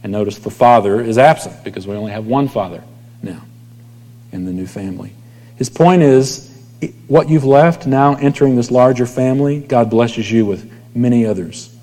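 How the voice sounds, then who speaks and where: A man delivers a sermon in a relaxed, conversational tone. His voice sits in an ordinary middle register and sometimes drops to almost a whisper at the ends of phrases. The sound carries a long reverb from a large room. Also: medium pitch, moderate pace. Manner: conversational preaching, dropping to near whispers at line ends. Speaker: pastor.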